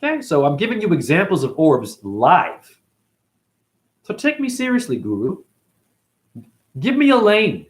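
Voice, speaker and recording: A man's voice: on the high side, huge pitch swings, a little slow, long pauses. Rambling slangy man on a livestream. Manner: rambling, slangy, loose and conversational. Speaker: livestream host reading viewer comments. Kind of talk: casual livestream chat.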